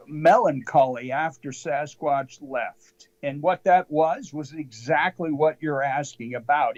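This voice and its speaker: A man as the guest of a call-in show, telling a deadpan comic tall tale slowly, rambling and full of fillers. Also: on the high side, muffled recording. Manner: slow, rambling, with many fillers.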